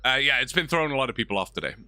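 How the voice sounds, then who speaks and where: A man's voice: medium pitch, sharp tone, dry recording. A British man from England, chatting casually and joking with viewers during a live gaming stream. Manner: chatty, joking, many restarts.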